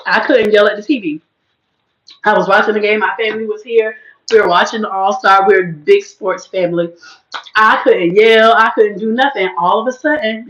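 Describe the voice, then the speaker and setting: A woman hosting a casual livestream, chatting to her viewers in an animated, churchy manner while her voice is just recovering. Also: fairly high pitch, reverberant, rough recording. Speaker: host.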